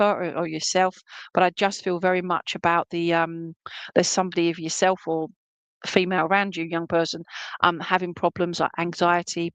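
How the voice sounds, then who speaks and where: A woman with a fairly low voice leads an online spiritualist reading from her home. She talks in a warm-hearted, chatty way, full of fillers and terms of endearment. Her voice sounds dry and close, with no room echo. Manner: chatty and affectionate, many fillers. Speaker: spiritualist medium.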